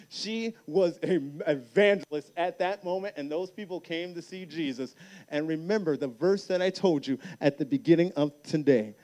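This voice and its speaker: A man speaking at a youth camp, telling his own story as a sermon, dropping soft and slow on key lines. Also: fairly high pitch. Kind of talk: sermon with personal testimony. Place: large hall at a youth camp.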